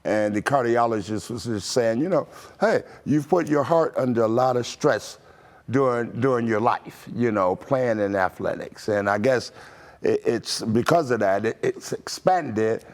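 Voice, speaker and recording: An older American man spins stories from his playing days at an easy, relaxed pace. He chuckles often and fills his speech with "you know" and restarts. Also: mid-range voice, a little slow. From Toledo, Ohio, USA. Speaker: former pro basketball player, guest. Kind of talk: casual interview storytelling.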